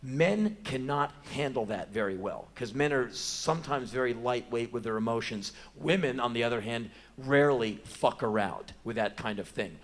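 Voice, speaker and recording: A man's voice: mid-range voice, moderate pace, few pauses. An American man in his forties performing spoken word on a theater stage, with emphatic, profane, mocking storytelling. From United States. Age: 40s. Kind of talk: live stand-up storytelling. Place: theater stage before an audience.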